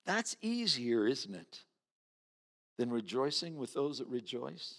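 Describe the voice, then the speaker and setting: A man's voice: mid-range voice, lively intonation, takes it slowly, vocal fry. A man preaching a sermon in a conversational way, acting out the voices of the people he quotes. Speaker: pastor. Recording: reverberant hall.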